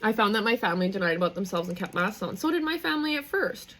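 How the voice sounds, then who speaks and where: A woman's voice: mid-range voice, very animated, fast, a bit bright, poor audio. A young woman hosting a live stream, talking in an effusive, rambling, heartfelt way. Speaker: livestream host. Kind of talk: emotional live stream sign-off.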